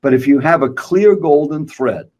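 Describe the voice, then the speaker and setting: A man's voice: on the high side, moderate pace, darkish tone. An older man teaching public speaking, emphatic and direct, asking rhetorical questions. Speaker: guest speaker. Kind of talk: motivational speaking coaching.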